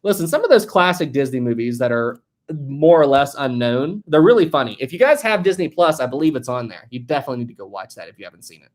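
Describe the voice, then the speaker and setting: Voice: medium pitch, very animated, fast talker, a little mellow. Chatty, jokey live-stream host. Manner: chatty and jokey, laughs a lot; thinks aloud, with many fillers and restarts. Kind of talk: casual live-stream chat, reading viewer comments aloud.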